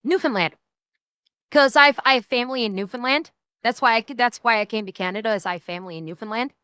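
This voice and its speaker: A woman's voice: fairly high pitch, fast talker, fairly bright tone, clean tone, no echo. A woman with a Midwestern American accent, chatting casually on a stream and laughing often.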